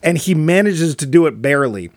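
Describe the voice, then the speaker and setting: A man's voice: a little high, animated, a little fast, no room sound, clean studio sound. A man co-hosting a podcast, chatting casually about a movie and retelling scenes with acted-out quotes. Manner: enthusiastic, acts out quotes in character. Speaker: podcast co-host. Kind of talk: casual movie review chat.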